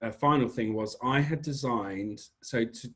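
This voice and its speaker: A man's voice: medium pitch, a little slow, a bit bright. A British man with an English accent, a small business owner chatting as a podcast guest, telling rambling stories and correcting himself as he goes. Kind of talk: casual podcast interview.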